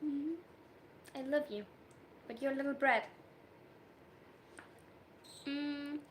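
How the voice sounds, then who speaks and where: A woman livestreaming as a story writer, chatting casually with her viewers in an animated way and laughing often. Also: high voice, slow pace, slight background noise. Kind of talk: casual livestream chat, reacting to viewers' messages.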